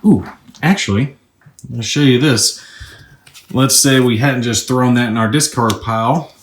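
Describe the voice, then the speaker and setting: A man's voice: mid-range voice, a little slow. A man with a mid-range voice walks through a board game turn by turn, chatty and upbeat as he explains the rules. His voice carries a noticeable room echo, as if recorded in an open, roomy space. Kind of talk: casual tabletop gameplay walkthrough.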